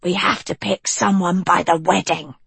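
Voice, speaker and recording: A woman voicing a sharp, worried young witch who talks in a pressing, curt way, a little lower than her narrating voice and set back from the mic. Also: steady tone, moderate pace, gravelly, husky, no room sound, full character voice. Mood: urging.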